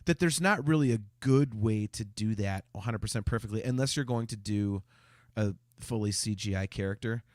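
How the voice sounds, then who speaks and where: A man's fairly low, darkish voice comes at a normal speed in a studio-quality recording free of echo. Co-hosting a casual fan podcast, he talks in a hesitant, stammering manner, restarting sentences often and reading comments from viewers.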